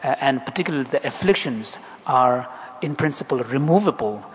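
A man interpreting a Buddhist teaching into English, explaining in a measured, deliberate way. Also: medium pitch, expressive. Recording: echoey hall, faint background noise.

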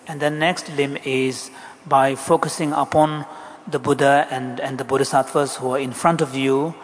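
A man interpreting a Buddhist teaching into English, explaining in a measured, deliberate way. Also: mid-range voice, steady tone. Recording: echoey hall, faint background noise.

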